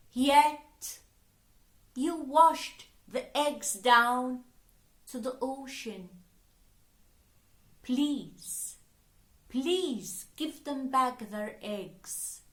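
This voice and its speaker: A woman voicing a gentle, humble male bird god in a slow storybook reading. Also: high voice, sing-song, exaggerated voice. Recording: roomy echo.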